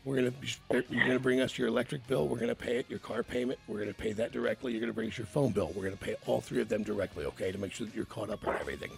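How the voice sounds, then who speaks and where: Gravelly-voiced male radio host. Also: mid-range voice, rapid-fire, hardly any pauses, faint music behind. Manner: reassuring, steady. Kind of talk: on-air call with listeners.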